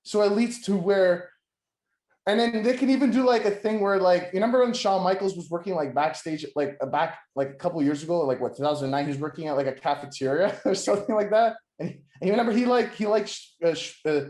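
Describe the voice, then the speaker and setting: Rambling, high-voiced man in an echoey room. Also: fast, darkish tone. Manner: rambling, full of "like" and restarts, acts out quotes, swears. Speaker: podcast co-host. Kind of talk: casual wrestling podcast chat.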